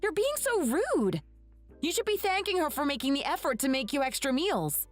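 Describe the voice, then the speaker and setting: A woman voicing an indignant young wife in an animated story, scolding in a shocked way. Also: high voice, a little fast, faint music behind.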